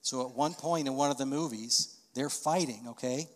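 A middle-aged male pastor delivers a storytelling sermon, his voice sitting at an ordinary middle pitch. He swells into loud, emphatic peaks to drive points home. His words ring out with a long reverb, as in a large church sanctuary. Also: normal speed.

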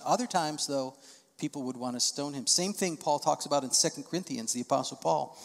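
A man preaching a sermon as a pastor, his voice sitting a little higher than most men's. He reads the text aloud, then breaks into lively, raised quoted voices to act out the people in the story. The sound rings with long reverb from a large hall. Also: brisk. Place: church auditorium.

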